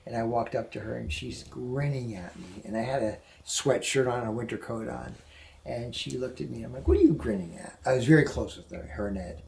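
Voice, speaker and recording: A man, a guest on the show, telling an emotional personal story indoors, halting and repeating himself when upset. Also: mid-range voice, gravelly, low-quality recording. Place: indoors at a house museum.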